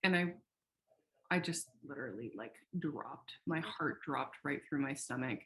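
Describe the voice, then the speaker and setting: A woman's voice: extremely low pitch, a little slow. Candid woman telling a story. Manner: animated, candid, swears freely. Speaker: founder of a sexual wellness company, podcast guest. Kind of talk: casual interview storytelling.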